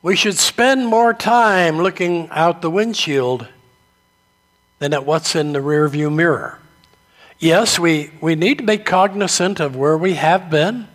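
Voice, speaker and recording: A man preaching a sermon, telling stories slowly and deliberately. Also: fairly high pitch, a bit bright. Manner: slow, deliberate storytelling delivery. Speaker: pastor.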